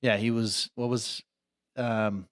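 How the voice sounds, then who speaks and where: A man's voice: fairly low pitch, flat delivery, slow pace, no echo. A man co-hosting a podcast, rambling casually and leaning on "I mean" and "like.". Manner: rambling, leans heavily on "I mean" and "like". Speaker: podcast co-host. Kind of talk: casual chat.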